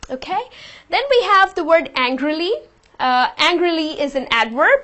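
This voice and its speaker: High-voiced woman teaching words. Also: lively intonation, normal speed, bright, forceful tone. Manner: patient, explains with example sentences. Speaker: English teacher. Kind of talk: explaining vocabulary lesson.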